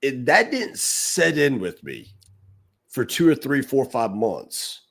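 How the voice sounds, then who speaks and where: Gravelly-voiced man telling a story. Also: medium pitch, takes it slowly. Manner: animated storyteller, acts out quotes. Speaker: podcast co-host. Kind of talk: storytelling in casual podcast talk.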